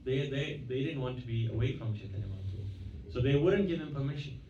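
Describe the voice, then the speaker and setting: Mellow-voiced man lecturing in an echoey temple hall. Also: medium pitch, fast talker, slight background noise. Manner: retells stories, acting out quoted dialogue; conversational, with frequent self-corrections. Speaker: guest speaker at a temple. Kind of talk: devotional lecture with storytelling. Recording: echoey, distant, dull-sounding hall recording.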